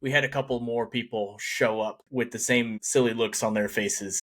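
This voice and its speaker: A man's voice: medium pitch, steady tone, moderate pace, fairly bright tone. A man hosting a podcast, chatting easily and laughing along with his guest. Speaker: podcast host. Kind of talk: casual chat.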